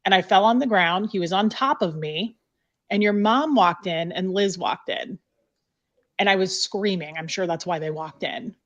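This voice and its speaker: A woman's voice: mid-range voice, normal speed. Woman, candid storyteller, salty and blunt, muffled call audio. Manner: blunt, swears freely, many "like" fillers. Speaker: guest recounting her past.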